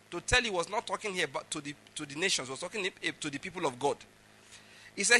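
A man's voice: sits high, animated, fast, pushed and bright, slightly rough. A middle-aged man preaching a sermon, emphatic and often checking that his listeners follow. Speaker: pastor.

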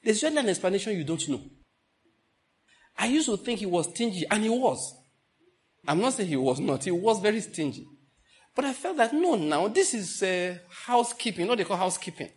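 Male Nigerian pastor, Enugu accent, slightly high voice, animated sermon storyteller. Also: a little fast. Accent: Nigerian English, Enugu. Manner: animated storytelling with laughter and mock outrage.

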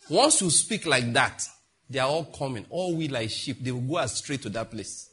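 A middle-aged man from Africa preaching a sermon as a pastor, emphatic and mocking, with sudden loud outbursts. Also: mid-range voice, animated, fairly quick, breathy edge.

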